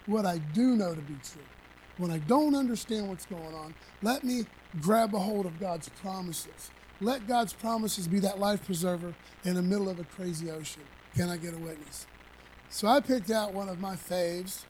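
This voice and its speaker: A preacher in mid-sermon who talks to the congregation like old friends, tossing out casual asides and calls for a response. The voice sits at a middle pitch. Verses are read with punch, and faint noise hums in the background. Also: moderate pace, darkish tone, poor audio. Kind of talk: conversational sermon.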